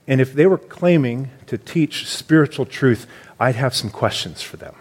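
A man, a church elder preaching a sermon in a conversational, explanatory way with animated emphasis. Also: medium pitch, moderate pace, breathy edge.

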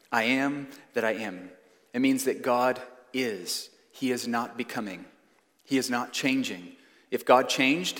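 Male pastor, 30s, emphatic sermon delivery, mid pitch, long hall reverb. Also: a bit bright. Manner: earnest, emphatic preaching with slow stressed phrases. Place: church sanctuary.

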